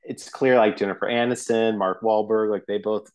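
Talking through a film on a podcast he co-hosts, this man plays out scenes in small quoted voices during the casual chat. His pitch is fairly low, his tone steady and darkish, his pace moderate.

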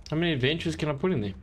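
A man's voice: a little high, slight background noise. A man streaming a game, chatting casually in a joking, rambling way and swearing often. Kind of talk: casual gameplay commentary.

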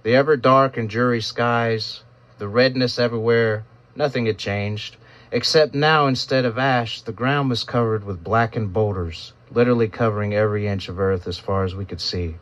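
A man narrating a first-person story in a solemn, measured storytelling manner, in a dull lo-fi recording. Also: on the low side, fairly even intonation, fairly bright tone.

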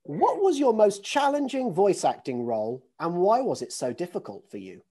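An interviewer poses questions in a warm, encouraging way and praises the guest's work. The voice is mellow and slightly husky. The pitch moves in lively curves across each question. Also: moderate pace. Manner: encouraging and admiring toward the guest.

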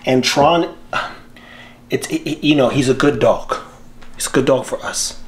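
A man hosting his own channel, talking casually to the camera about breeding dogs in an animated, slangy way with frequent laughs. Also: mid-range voice, measured pace, slight background noise. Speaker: dog breeder and channel host.

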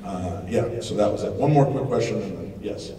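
A middle-aged man telling animated, joking stories to a live audience as a paranormal TV host, with loud outbursts. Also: lowish voice, moderate pace. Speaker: paranormal TV host giving a lecture. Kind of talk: storytelling talk to a live audience. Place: large expo hall. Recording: echoey hall, distant mic, noisy.

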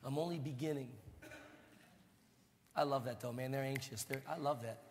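A man's voice: medium pitch, fairly even intonation, normal speed, gravelly, a little hiss or hum. Preaching man in a reverberant church. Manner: impassioned preaching, swinging between loud proclamation and hushed tenderness. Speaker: pastor. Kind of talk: sermon. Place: church sanctuary. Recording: long reverb of a church hall.

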